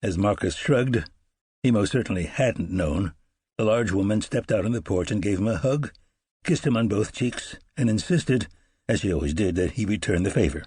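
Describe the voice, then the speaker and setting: A male audiobook narrator with a low, husky voice that tells the story in a measured, unhurried way. The sound is close and dry, with almost no room in it. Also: animated, darkish tone, dry recording.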